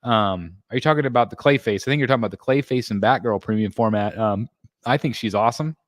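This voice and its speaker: Low-voiced man hosting a casual livestream. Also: quick pace, dry recording, clean studio sound. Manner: rambling, many ums and restarts. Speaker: livestream host reading chat. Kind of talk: casual live-stream chat.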